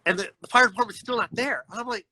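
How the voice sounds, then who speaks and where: A man with a high, bright voice speaks fast, telling a story as a guest on a livestream over a video call with rough audio quality. He's animated, acts out the voices of characters, and often tosses in "you know what I mean" asides.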